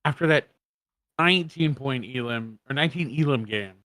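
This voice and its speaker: A man's voice: mid-range voice, normal speed, sharp tone, dry recording. A man co-casting an esports watch party, rattling off standings and stats with casual asides. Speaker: co-caster.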